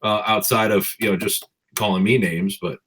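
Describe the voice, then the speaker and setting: A man co-hosting a casual talk, speaking relaxed and hedging with fillers. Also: on the low side, moderate pace, slightly rough. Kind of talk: casual chat.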